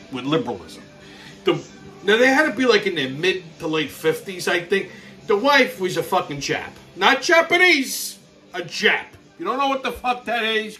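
A man hosting a show and telling a story in a brash, profane, animated comic rant. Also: sits high. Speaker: show host.

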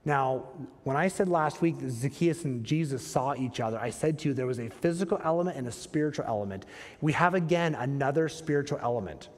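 A man's voice: medium pitch, a little fast. Man preaching in a reverberant church. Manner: conversational, rhetorical questions to the congregation. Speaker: pastor. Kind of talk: sermon. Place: church sanctuary.

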